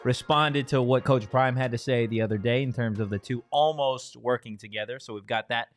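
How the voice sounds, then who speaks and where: A man hosting a sports podcast who talks in a relaxed, casual way and teases his co-host. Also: medium pitch, fairly quick. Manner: relaxed, teasing banter. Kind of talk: casual sports show chat.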